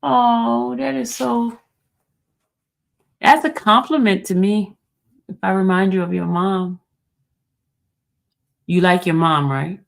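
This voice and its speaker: Gravelly woman on a livestream, chatty and teasing, talking right to her chat. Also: medium pitch, slow pace, pauses often. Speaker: livestream host. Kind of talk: casual livestream chat, reading viewer comments.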